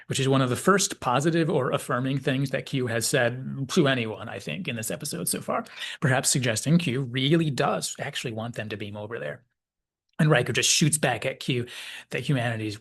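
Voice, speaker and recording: A man hosting a video essay, giving measured, reflective commentary and reading out quoted dialogue. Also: medium pitch, gravelly, fairly bright tone, breathy edge. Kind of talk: analytical commentary.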